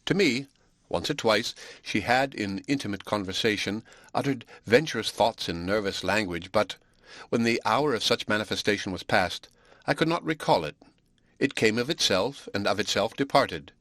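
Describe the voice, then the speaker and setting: A man narrating a classic novel in a measured, steady audiobook reading. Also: lowish voice, no echo, studio quality.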